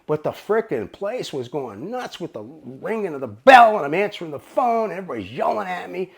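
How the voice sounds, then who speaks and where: Male storyteller, raspy and gravelly, swinging pitch, profane and rambling. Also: big pitch swings, brisk. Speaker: storyteller recounting his bookmaking days. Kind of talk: casual storytelling to camera.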